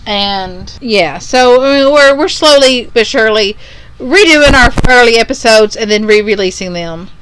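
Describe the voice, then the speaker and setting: Upbeat woman podcast cohost, bright crisp voice, kinda high. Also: lively intonation, moderate pace, slight background noise, rough recording. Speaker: podcast co-host. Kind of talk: casual chat.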